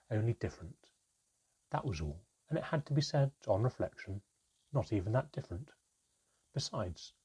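Husky-voiced man narrating a story. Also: fairly low pitch, mellow. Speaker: audiobook narrator. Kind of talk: first-person storybook narration.

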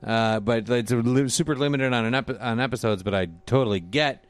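A man in his thirties talks loosely and profanely, his voice jumping high for mock-exasperated asides. The sound is dry and close, with no room around it. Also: fairly quick, no echo. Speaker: podcast co-host. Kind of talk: casual chat.

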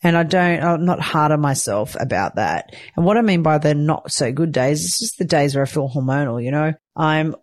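A woman's voice: low voice, normal speed, hardly any pauses, a little mellow, no room sound. A sleep-deprived new mother talking candidly in a casual weekly chat, swearing lightly and laughing often. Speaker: weekly vlogger, new mother of twin boys.

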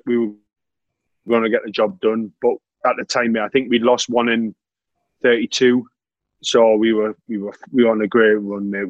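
A man's voice: fairly low pitch, dry recording, muffled recording. A man telling stories in a casual chat, laughing often and saying "mate" constantly. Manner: laughs a lot while telling anecdotes, says "mate" constantly.

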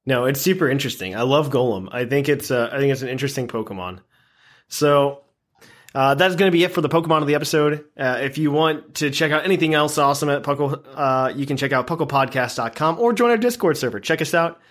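A man's voice: medium pitch, quick pace, a bit bright. A man hosting a casual podcast, upbeat, running segments and reading listener email aloud. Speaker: podcast host.

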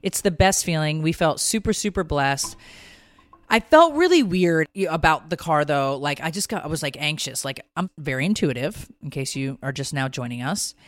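A woman's voice: moderate pace, no room sound. A middle-aged woman telling a long story in casual chat, swearing freely and acting out other people's lines. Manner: animated, profane, acts out quotes in a high voice. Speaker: podcast host.

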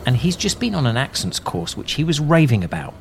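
A man's voice: mid-range voice, sing-song, brisk, gravelly. Male podcast host, curious and playful, faint background noise. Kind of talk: podcast narration and interviewing.

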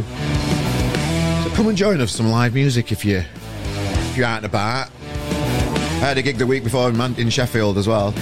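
A middle-aged man hosts a podcast in a fairly low voice, blunt and rambling, with lots of "you know" and "um". Plucked guitar music plays behind him. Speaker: podcast host. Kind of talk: casual chat and rant.

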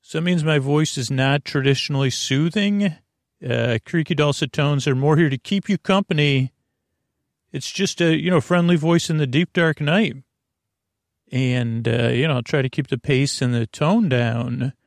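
Creaky, rambling man hosting a sleep show. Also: a little high, normal speed, dry recording, clean studio sound. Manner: meandering, repeats himself, goes off on tangents. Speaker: sleep podcast host. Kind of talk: rambling bedtime monologue.

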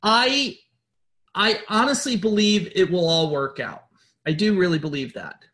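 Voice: medium pitch, expressive, measured pace, fairly bright tone. Blunt, profane spiritual leader urging followers. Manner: blunt, profane, repetitive and rambling; insistent, urging listeners. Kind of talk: informal motivational address.

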